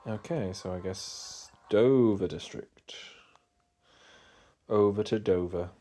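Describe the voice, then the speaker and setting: A man's voice: fairly low pitch, slow pace, faint music behind. A man casually commenting while he plays through an old video game and reads its dialogue aloud. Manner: relaxed, rambling asides. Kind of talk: casual let's-play commentary.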